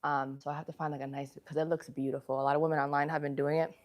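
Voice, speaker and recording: A woman's voice: low voice, level tone, rapid-fire. A woman live-streaming her workout, chatting casually with viewers between sets, laughing often and out of breath, with a runny nose. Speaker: fitness livestreamer. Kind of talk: casual live-stream chat while exercising.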